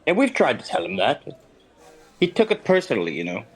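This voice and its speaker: A man's voice: medium pitch, wildly swooping pitch, fairly quick. A man taking part as a player, talking in character in a polite, formal way. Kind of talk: in-character tabletop play.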